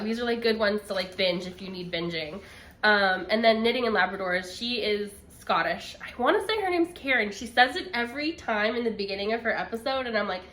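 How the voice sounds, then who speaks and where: A woman's voice: a little high, a bit bright. A young woman co-hosting a podcast, chatting casually about knitting in a rambling way. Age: young adult. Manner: chatty, rambling, laughs often. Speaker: podcast co-host. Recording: echoey room.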